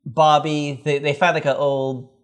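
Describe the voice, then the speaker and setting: A man's voice: level tone, a little slow, smooth. A man co-hosting a podcast, casually recapping an old sitcom episode in a rambling, profane way. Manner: rambling, profane, acts out characters in high voices. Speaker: podcast co-host.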